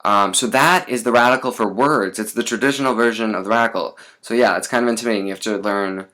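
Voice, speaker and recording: A man teaching a lesson in a relaxed, chatty way, with many fillers and asides. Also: lowish voice, fast talker.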